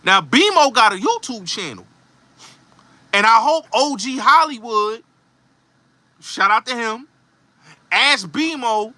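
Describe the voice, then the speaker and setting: A man's voice: very high-pitched, very animated, slow pace, pauses often, pushed and bright, no room sound. A middle-aged man from the Bronx with a New York accent, hosting a show and ranting in a heated, emphatic, repetitive way. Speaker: host. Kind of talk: heated commentary monologue.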